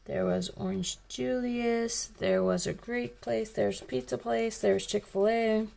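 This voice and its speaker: A woman's voice: fairly high pitch, steady tone, measured pace, creaky, hardly any pauses, dark tone. A woman hosting a coloring video, telling a rambling, chatty story in casual talk. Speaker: coloring channel host. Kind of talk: casual chat while coloring.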